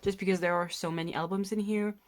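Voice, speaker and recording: Giggly excitable young woman unboxing. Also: fairly low pitch, fast. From Denmark. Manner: excitable, gasping and giggling, swears. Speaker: vlogger. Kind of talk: casual unboxing chat.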